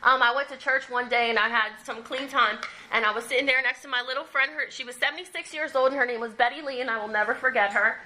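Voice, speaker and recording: Woman, bright high voice, candid recovery testimony, conversational, faint room noise. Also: steady tone, fast, poor audio. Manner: candid, conversational, laughs through the story. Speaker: recovery speaker. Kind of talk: personal testimony at a recovery meeting. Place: meeting room.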